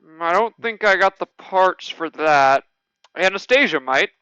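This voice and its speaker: A folksy cactus shopkeeper drawling in a put-on cowboy accent, as a man game master plays him. The voice sits high and bright, crisp and dry close to the mic. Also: dry recording, lo-fi sound, exaggerated voice. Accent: stereotypical cowboy drawl, put on. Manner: slow, drawling, relaxed.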